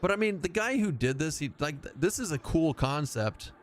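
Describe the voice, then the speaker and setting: A man's voice: on the high side, animated, normal speed. A man chatting casually as he streams a game live, rambling and self-mocking and laughing often.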